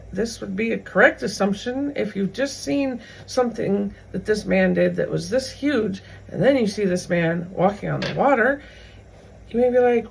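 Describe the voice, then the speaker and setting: A woman hosts her own faith video series and retells a scripture passage in plain everyday words. Her voice is gravelly with a husky edge, and she keeps stopping for casual asides to the viewer. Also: on the high side, poor audio. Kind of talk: casual Bible teaching.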